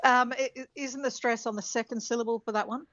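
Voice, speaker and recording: A woman's voice: a little high, steady tone, quick pace, a bit bright, no room sound, muffled recording. A woman linguistics professor explaining words on a radio show, thoughtful and hesitant with many fillers.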